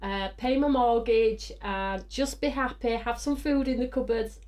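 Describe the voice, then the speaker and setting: A bubbly woman hosts a live craft stream, her voice sitting a little high. She chats with excitement, whoops, laughs, and greets viewers as she reads their comments aloud. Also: a little slow. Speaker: host of a live craft show.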